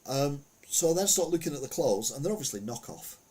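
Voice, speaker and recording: A man's voice: fairly high pitch, animated, fairly quick, dark tone, slightly rough. A man, hosting a podcast of casual news commentary, rambling and chatty with lots of fillers. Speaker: podcast host.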